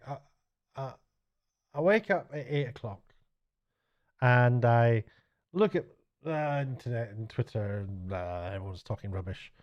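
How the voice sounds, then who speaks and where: Middle-aged male vlogger, mid pitch, rambling self-deprecating chatter, muffled lo-fi recording. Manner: chatty, self-mocking, stumbling restarts. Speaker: YouTuber and TV director. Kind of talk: rambling late-night vlog. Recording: dull lo-fi sound.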